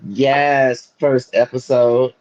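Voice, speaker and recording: A man's voice: medium pitch, little pitch movement, drawn-out words, a little mellow. A man co-hosting a podcast in casual chat, playful and rambling with joking asides. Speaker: podcast co-host. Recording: muffled lo-fi audio.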